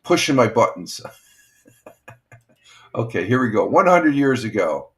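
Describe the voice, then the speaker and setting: An older man hosting a casual morning livestream, talking in a rambling, halting way with lots of fillers. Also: medium pitch, very animated, fairly bright tone. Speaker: livestream host.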